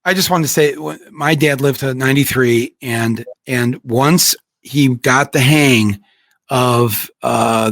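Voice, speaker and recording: Male host, relaxed and reflective, dry close mic. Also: mid-range voice, dry recording. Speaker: podcast host. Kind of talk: casual conversation.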